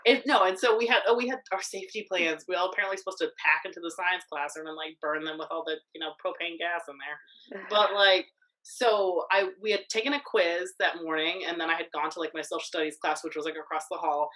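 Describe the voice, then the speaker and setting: A young woman co-hosting a podcast, telling a story in casual chat, animated, swearing freely, with lots of filler words. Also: lowish voice, brisk, poor audio. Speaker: podcast co-host.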